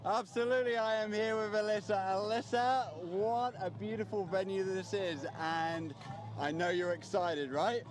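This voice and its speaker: A man's voice: high voice, steady tone, moderate pace. A male sideline reporter interviewing an athlete outdoors at a race venue, upbeat and encouraging.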